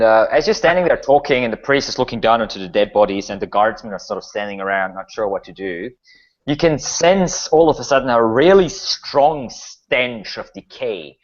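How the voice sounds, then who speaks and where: A man narrating a tabletop horror game as game master, loose and filler-heavy, on a slightly dull lo-fi recording. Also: fairly low pitch.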